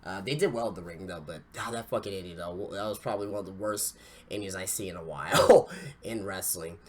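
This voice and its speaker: A man's voice: sits low, brisk, crowd noise. A man hosting a wrestling podcast, reviewing an event in casual talk with swearing and lots of stammered restarts. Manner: ranting, profane, stammering restarts.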